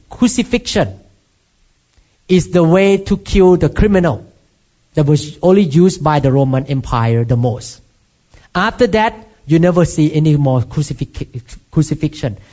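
A man's voice: high voice, muffled recording. A man from Thailand with a Thai accent, preaching a sermon as pastor and asking his listeners emphatic rhetorical questions.

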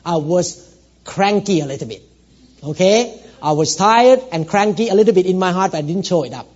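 A man with a notably high voice preaches a sermon to his congregation, earnest and personal. He drops to hushed storytelling, then rises into loud exhortation, asking for amens. The recording is dull and lo-fi. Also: expressive, moderate pace. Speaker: pastor.

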